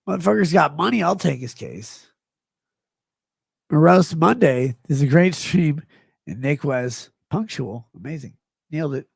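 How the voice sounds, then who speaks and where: Man, middle-aged, gravelly, husky, drunk, slurred rambling livestream chat. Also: medium pitch, darkish tone, no echo, clean studio sound. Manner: slurred, rambling, swings between mumbles and outbursts.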